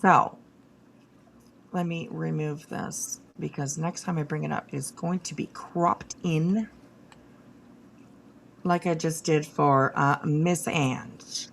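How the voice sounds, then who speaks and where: A woman's voice: deep voice, steady tone, slow, creaky, long pauses, slight background noise. Blunt, profane woman ranting on a livestream. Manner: many fillers and restarts, talks to chat. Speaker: livestream host. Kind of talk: casual livestream commentary.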